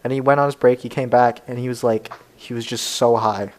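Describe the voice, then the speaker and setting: A man's voice: mid-range voice, steady tone, brisk, low-quality recording. A young man, a podcast co-host, telling a rambling story in casual chat and laughing often. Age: young adult.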